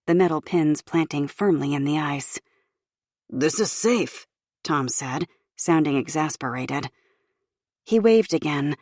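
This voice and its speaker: A woman narrating an audiobook in a measured, even storytelling manner from a recording booth. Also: low-pitched, no room sound, clean studio sound.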